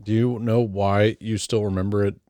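A man's voice: lowish voice, flat delivery, normal speed, mellow, no room sound. A man co-hosting a casual chat, rambling and teasing with lots of fillers. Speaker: podcast co-host.

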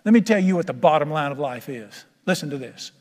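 A man's voice: on the high side, animated, a little fast, darkish tone, big-room sound. A man preaching a sermon to a congregation in a church, folksy, humorous and conversational. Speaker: pastor.

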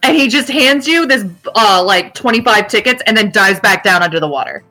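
A woman's voice: medium pitch, animated, fairly quick, pushed and bright, soft background music, poor audio. A young adult woman narrating as game master for a tabletop game, casual and playful, laughing often.

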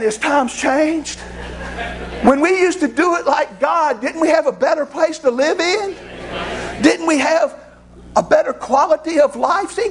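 A middle-aged man delivers a sermon through folksy, animated stories. His voice sits high and carries a rough, gravelly edge, with a faint hiss of noise behind it. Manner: folksy, animated storytelling with laughs. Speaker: preacher. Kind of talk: storytelling sermon.

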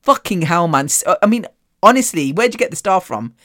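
A woman hosting a podcast, telling a story in a loud, animated and sweary way. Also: fairly low pitch, brisk, no room sound, clean studio sound. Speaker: podcast host. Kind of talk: casual storytelling monologue.

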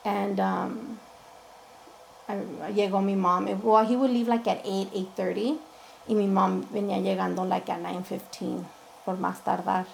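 A woman with a medium-pitched, level voice speaks at a moderate pace with vocal fry. The recording is rough, with slight background noise. As an interview guest she frankly and candidly tells her own story, often quoting what people said in conversation.

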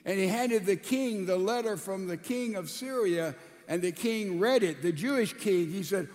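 A man with a fairly high voice preaches, retelling a scripture story in a folksy, conversational way. He acts out the characters' lines as he goes. His voice carries a long reverb from a large hall. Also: moderate pace, darkish tone. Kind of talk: storytelling sermon.

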